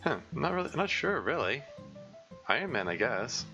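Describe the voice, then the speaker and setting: A man's voice: medium pitch, very animated, normal speed, vocal fry, sharp tone, soft background music, pitched above the performer's own voice, heavily acted. A man voicing a composed adult woman schoolteacher who gives short, blunt answers. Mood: flustered.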